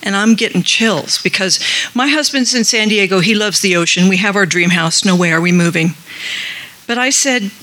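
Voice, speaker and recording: Bright-voiced woman telling a heartfelt story. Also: mid-range voice, fairly quick, few pauses, low-quality recording. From Colorado. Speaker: group member sharing. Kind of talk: personal share at a support meeting.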